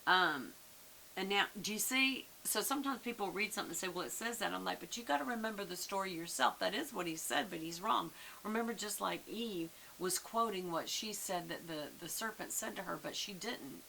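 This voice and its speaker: Gravelly-voiced woman teaching Bible study. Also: medium pitch, expressive, fairly quick, bright, forceful tone, poor audio. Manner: conversational, muses aloud, many fillers. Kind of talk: casual Bible study talk. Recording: faint hiss.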